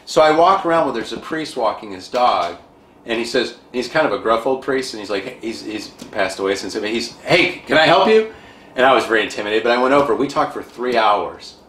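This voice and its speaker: A man guest on an interview show, animated and self-described dramatic, telling a personal story. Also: on the low side, fairly quick. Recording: echoey room, faint background noise.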